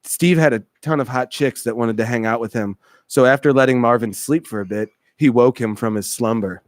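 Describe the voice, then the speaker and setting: A man narrating a comedy radio skit in a deadpan, mock-serious storytelling way. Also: medium pitch, fairly quick, dry recording, studio quality.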